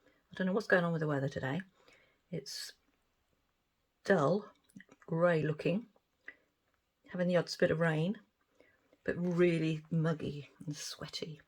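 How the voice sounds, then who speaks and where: A middle-aged woman talks through her resin crafting in a relaxed, chatty way. Her voice sits slightly low for a woman. She pokes fun at herself and giggles often between remarks. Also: a little slow, long pauses, husky. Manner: chatty, self-deprecating, giggly. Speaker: resin art vlogger. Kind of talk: casual chat while crafting.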